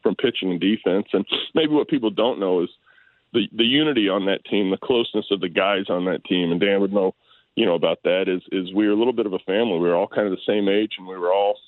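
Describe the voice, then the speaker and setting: A man talking casually as an interview guest, rambling and relaxed, repeating words as he restarts his sentences. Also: sits low, fast talker, no room sound. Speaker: interview guest, retired baseball player. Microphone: phone. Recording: tinny phone line, dry.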